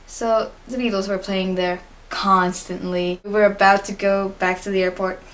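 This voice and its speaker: A woman's voice: medium pitch, little pitch movement, moderate pace, a bit bright. A teenage girl in a casual vlog monologue, answering fan questions in a chatty, giggly, gushing way with lots of fillers. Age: teens.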